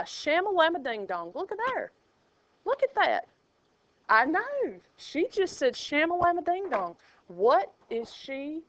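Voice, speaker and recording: A woman's voice: sits high, a bit bright. Playful woman teaching math. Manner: playful, sing-song asides. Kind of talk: classroom lecture. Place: classroom. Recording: dull lo-fi classroom recording.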